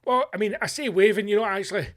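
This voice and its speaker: A man's voice: fast talker, fairly bright tone. A Scottish man voicing a flustered man who exaggerates being shot, stammering and backpedaling in a raised voice. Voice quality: stammering, higher put-on voice.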